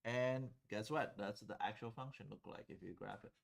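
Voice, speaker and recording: Speaking at a moderate pace in a lowish, creaky voice, a man teaches calculus at a whiteboard. He explains the steps conversationally and checks in with students often to see if they follow.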